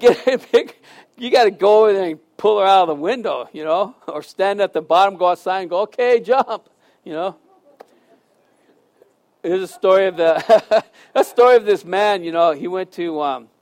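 A man preaching a sermon, telling jokes and stories and asking the congregation questions. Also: a little high. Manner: lively storytelling, jokes, asks the congregation questions. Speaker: pastor.

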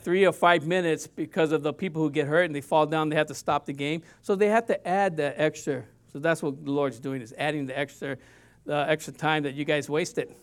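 A man preaching a sermon as pastor, animated, with sudden loud rises and quiet drops and casual conversational asides. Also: high voice.

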